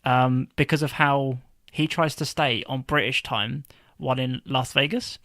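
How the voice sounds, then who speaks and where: A man in casual podcast chat as a guest, talking in a relaxed, offhand way. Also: mid-range voice, a little slow, dry recording, studio quality.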